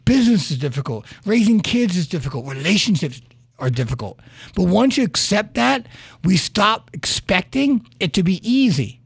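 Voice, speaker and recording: Gravelly, earnest motivational host. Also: male voice, high voice, big pitch swings, moderate pace, no echo, studio quality. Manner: earnest, storytelling, with frequent "right?" asides. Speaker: podcast host. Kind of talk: motivational monologue.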